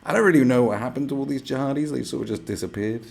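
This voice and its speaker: A man's voice: medium pitch, very fast, vocal fry, a little mellow, a little hiss or hum. A man hosting a live stream, ranting casually with lots of swearing and sarcastic asides. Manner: profane, sarcastic, mocks others in put-on voices.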